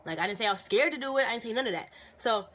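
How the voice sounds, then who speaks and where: A young woman talking casually into her phone for a Q&A vlog, telling stories with animated, indignant bursts and lots of fillers. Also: on the high side, rapid-fire, background noise. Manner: animated storytelling, indignant outbursts, many fillers. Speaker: vlogger answering viewer questions.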